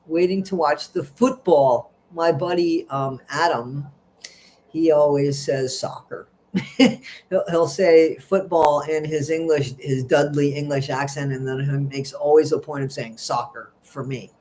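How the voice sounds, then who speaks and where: A man's voice: fairly high pitch, a little slow, a little mellow, a little hiss or hum. A middle-aged man hosts a casual livestream, reading out viewer comments and gossiping in a rambling, chatty way. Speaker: livestream host.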